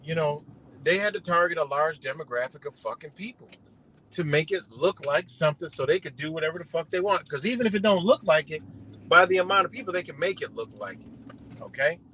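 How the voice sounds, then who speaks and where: A man's voice: a little high, expressive, brisk, bright, forceful tone, slight background noise, rough recording. A man doing a rambling, profane political rant on a livestream, talking outdoors beside a road. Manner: heated, rambling, heavy swearing. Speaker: livestream host.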